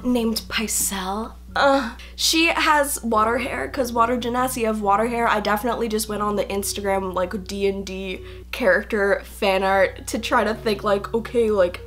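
A woman's voice: mid-range voice, fairly bright tone, a little hiss or hum. A young woman, a fashion student, chatting casually to camera in a bubbly, giggly, playfully rambling way.

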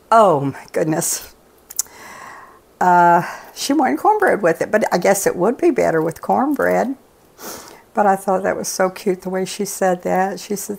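Here the host's mother, a cooking show regular, chats casually at the stove and drifts through folksy, rambling stories. Her voice sits in the mid range, creaky and a touch mellow.

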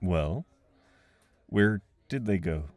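A man voicing a friendly young man at a party, talking gently and coaxingly with frequent chuckles, in an audio role-play. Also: deep voice, expressive, very slow, dry recording, exaggerated voice. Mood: gentle, teasing.

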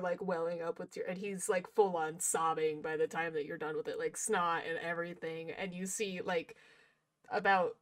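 A woman running a tabletop superhero game, narrating scenes and explaining rules in a chatty way. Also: on the low side. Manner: chatty, quick to laugh. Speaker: game master.

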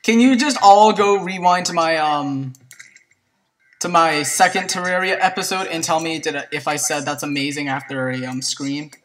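A gameplay commentator chatting to viewers in a let's play, excitable and prone to yelps and shrieks at surprises. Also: mid-range voice, moderate pace, far from the mic, a little hiss or hum, poor audio. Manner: chatty, talks to viewers as "guys".

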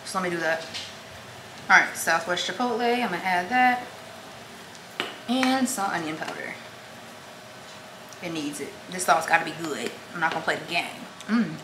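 A woman's voice: lowish voice, moderate pace, pauses often, background noise. Young woman vlogger, chatty and casual, roomy kitchen with clinking dishes. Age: young adult. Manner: chatty, talks to herself and viewers. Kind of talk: casual vlog chatter while cooking. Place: home kitchen. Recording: echoey kitchen with clattering dishes. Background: cutlery and dish clatter.

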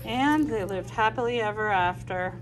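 A woman reading a picture book aloud, describing the pictures and putting on lively voices for the characters. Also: mid-range voice, moderate pace, noisy background.

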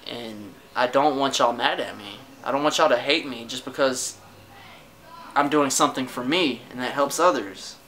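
A man's voice: mid-range voice, moderate pace, pushed and bright, rough recording. Frustrated, swearing young man venting on camera. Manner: frustrated, defensive, swears often, trails off and restarts. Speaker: vlogger. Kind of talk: casual personal rant to camera. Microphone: camera mic.

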